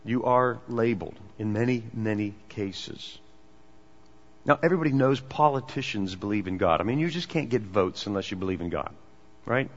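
Male preacher, mid pitch, emphatic then hushed; long hall reverb, muffled lo-fi sound. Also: expressive, moderate pace. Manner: swings between emphatic and hushed delivery. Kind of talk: sermon. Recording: dull, echoey hall recording.

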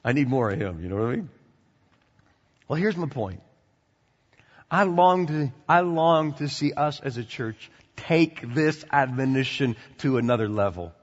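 A male pastor preaching a sermon, swinging from loud animated passages to quiet conversational asides. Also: mid-range voice, a little slow, in a large hall, dull audio. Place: church sanctuary.

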